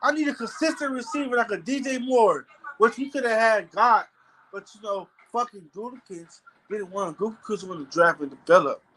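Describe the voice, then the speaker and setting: Man, angry fan vlog rant, forceful, cussing, stammering repeats. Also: sits high, normal speed, a little hiss or hum, rough recording. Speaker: football fan commentator.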